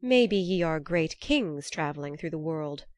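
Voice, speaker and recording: A cunning old man with a sharp, shrieking edge and a greedy streak, put on by a woman reading a storybook. He sits a little low and sounds close and dry, with no room around him. He is grasping and demanding. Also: expressive, measured pace, no room sound.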